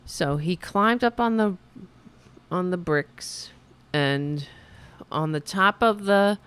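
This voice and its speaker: A woman hosting a livestream show, telling stories in a sarcastic, animated way with casual profanity. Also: lowish voice, takes it slowly, smooth. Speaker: show host.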